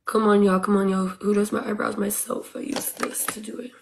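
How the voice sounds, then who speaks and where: A woman's voice: mid-range voice, flat delivery, brisk, creaky, a little hiss or hum. A woman streaming live, eagerly urging her viewers on and thanking them by name in casual chatter. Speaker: livestreamer.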